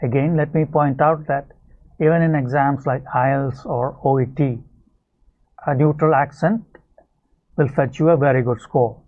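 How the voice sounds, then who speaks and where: A man teaching an English video lesson, explaining clearly and speaking straight to his viewers. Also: mid-range voice, fairly even intonation, a little slow, long pauses. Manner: explanatory, addresses viewers directly. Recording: tinny phone-like sound.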